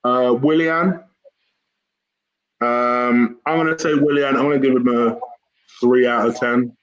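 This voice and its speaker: A man hosting a football review livestream, speaking calmly with some hesitant ums. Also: medium pitch, unhurried, lo-fi sound. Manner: calm, mildly hesitant with filler ums. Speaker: channel host.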